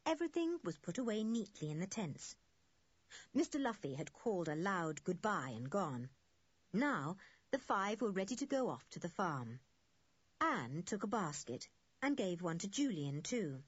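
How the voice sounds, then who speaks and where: A woman narrating a children's storybook in a gentle, measured way. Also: medium pitch, very animated, husky, dry recording. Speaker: audiobook narrator. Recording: dull, lo-fi dry recording.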